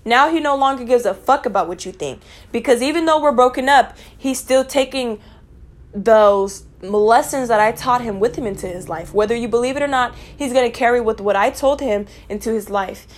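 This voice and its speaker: A woman's voice: on the high side, moderate pace. A young woman venting to her viewers in a blunt, profane, exasperated rant, calling out people directly. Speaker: vlogger. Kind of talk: angry personal rant to camera.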